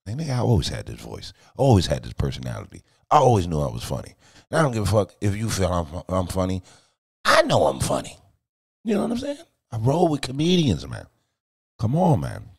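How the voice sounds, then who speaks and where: A man's voice: low voice, wildly swooping pitch, brisk, gravelly, breathy edge, no echo. A middle-aged man chatting casually on a live stream from his home studio, boastful, joking and profane, rambling loosely from one story to the next. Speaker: streamer and music video director.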